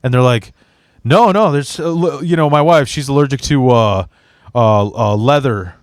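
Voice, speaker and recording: A podcast co-host with a mid-range man's voice tells stories and makes crude wisecracks in relaxed, profane chat. The sound is dry and close, with nothing in the room around it. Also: medium pitch, normal speed, clean tone, no room sound. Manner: wisecracking, profane, jokey asides. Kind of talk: casual chat.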